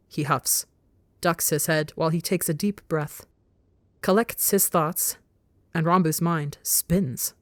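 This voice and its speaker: A woman narrating a story in a measured, intimate way. Her voice sits low for a woman, and the recording is close and dry. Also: no room sound. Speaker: audiobook narrator. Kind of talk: scripted narration of fan fiction.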